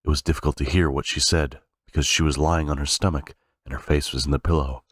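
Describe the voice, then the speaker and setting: A man with an extremely deep voice sight-reads a novel aloud. He halts now and then, fixing slips and restarting phrases. The recording is dry and close. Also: fairly even intonation, fast, dry recording. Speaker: reader. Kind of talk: unrehearsed novel reading.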